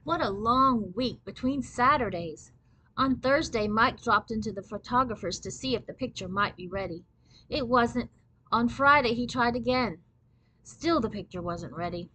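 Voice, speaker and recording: Woman reading a kids book out loud, bright clear voice, steady pace. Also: on the high side, moderate pace, no echo, rough recording. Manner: clear, steady storybook narration. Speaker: storyteller. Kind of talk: reading a children's book aloud.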